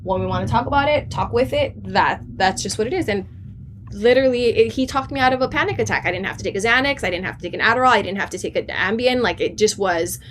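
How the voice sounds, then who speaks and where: A woman's voice: medium pitch, fast talker, fairly bright tone, a little hiss or hum. A woman guest in a casual podcast chat, candid and earnest, telling personal stories and acting out what others said. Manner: candid, earnest, tells personal stories, acts out quoted dialogue.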